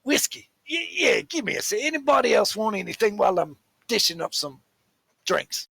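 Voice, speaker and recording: A man voicing a jovial bearded male tavern keeper who talks loudly and heartily across the bar. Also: high-pitched, very animated, moderate pace, creaky, slightly rough, no echo, voice pushed up, heavily acted. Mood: hearty.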